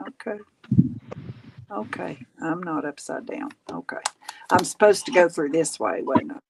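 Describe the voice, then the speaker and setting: A woman's voice: low-pitched, big pitch swings, unhurried, creaky, noisy background. A woman from Tennessee with a Southern accent, hosting a craft livestream and chatting casually with folksy exclamations while she works. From Tennessee, USA.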